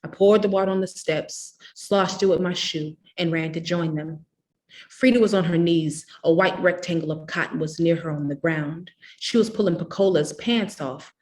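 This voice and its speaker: A woman reads a novel aloud in a measured, expressive way, her voice sitting fairly low. She narrates steadily between the characters' lines, like a public literary reading. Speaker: reader.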